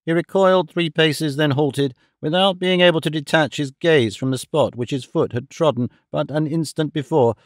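A man's voice: fairly high pitch, moderate pace, few pauses, no echo. Male audiobook narrator, dry close sound. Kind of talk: scripted narration of a classic novel.

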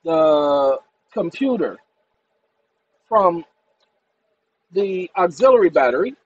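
An emphatic man addresses his audience in a loose, colloquial monologue. His voice is high and husky. He swings his pitch widely as he argues his point. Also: very animated, slow pace, dull audio. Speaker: channel host. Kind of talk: casual monologue to viewers.

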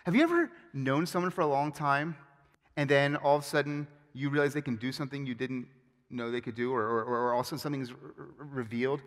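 A man preaching a sermon as pastor, with animated, emphatic storytelling and frequent restarts. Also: mid-range voice, fast talker. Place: church sanctuary. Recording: long hall reverb.

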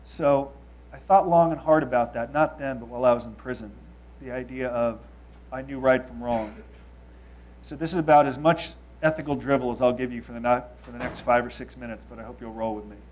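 A man in his thirties from Los Angeles, speaking as a storyteller before an audience. His voice sits at an ordinary middle pitch. He moves from punchy, louder statements into hushed, confessional asides. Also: fairly even intonation, a little fast, slight background noise. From Los Angeles, United States. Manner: confessional, swings between loud emphasis and quiet asides.

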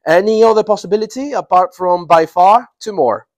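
A man's voice: sits high, lively intonation, normal speed, few pauses, a little mellow. A man teaching an English grammar class, repeating phrases, laughing and checking that students follow. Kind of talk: live classroom grammar lesson.

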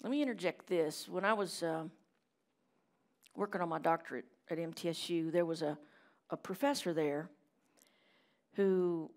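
A middle-aged woman preaching a sermon in a church chapel, telling stories with loud emphasis and hushed asides. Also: lowish voice.

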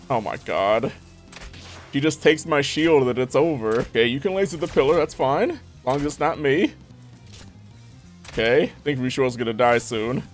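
A young man giving lively gameplay commentary, talking to the game characters with frequent exclamations. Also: medium pitch, moderate pace, faint music behind. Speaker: gaming YouTuber.

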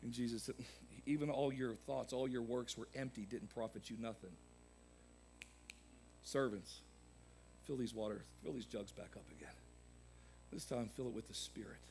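A man preaching a sermon as pastor, swinging from loud emphatic peaks to quieter asides. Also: medium pitch, moderate pace, creaky, long pauses, slight background noise. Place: church sanctuary.

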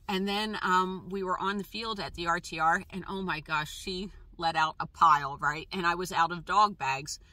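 Woman vlogger, lower range, bright tone, dry close sound; casual halting delivery full of restarts. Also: no echo. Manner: halting, with frequent pauses, restarts and fillers. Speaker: travel vlogger. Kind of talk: casual personal storytelling.

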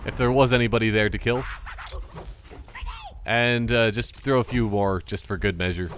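A man's voice: lowish voice, fairly even intonation, moderate pace, fairly bright tone, slight background noise. A man giving casual, joking commentary over a video game, rambling and exclaiming often. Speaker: gaming channel host.

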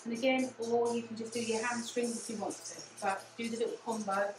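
A woman with an English accent leading a low impact cardio class, encouraging and repetitive in her cues, sometimes out of breath. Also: steady tone, a little fast, noisy background. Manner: encouraging, repeats cues like "again" and "yeah". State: out of breath at times. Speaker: fitness instructor. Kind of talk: guided exercise class. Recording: echoey room, distant mic, music. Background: music playing.

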